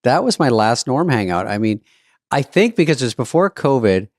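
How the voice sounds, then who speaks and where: A man co-hosting a casual chat, tossing in dry, quick quips. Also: mid-range voice, very animated. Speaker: podcast co-host.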